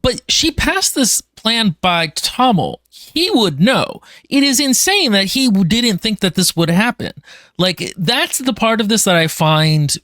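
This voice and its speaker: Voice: medium pitch, big pitch swings, a little slow, a bit bright, dry recording. A co-host of a casual book podcast recapping a story, chatty, acting out characters and swearing freely.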